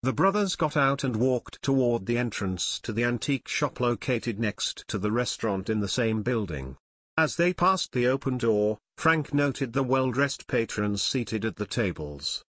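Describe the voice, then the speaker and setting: A man's voice: medium pitch, lively intonation, a little slow, a bit bright, no room sound. Male audiobook narrator, dry close sound. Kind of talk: scripted narration.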